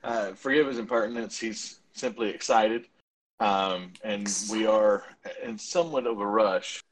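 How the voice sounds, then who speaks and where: A man's voice: on the low side, unhurried, poor audio. Man playing a courteous elf emissary. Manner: courteous, formal.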